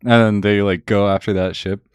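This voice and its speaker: A young man rants about a film in a loose, rambling way, with a sarcastic edge and constant fillers. His voice is very low. The sound is close and dry, with no room echo. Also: flat delivery, moderate pace, smooth. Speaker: vlogger. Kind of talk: casual rant recapping a film.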